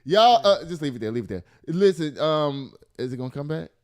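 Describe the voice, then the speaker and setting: A man's voice: a little high, lively intonation, fairly quick, a little mellow, clean tone. A man hosting a show in a loose, joking, colloquial way. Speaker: show host. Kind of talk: casual chat.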